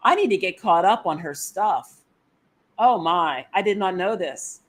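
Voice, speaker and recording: A woman's voice: mid-range voice, lively intonation, normal speed. A woman from the United States hosting a casual live stream, enthusiastically reading out and reacting to viewer comments. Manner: enthusiastic, exclamatory. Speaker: co-host of a travel live stream.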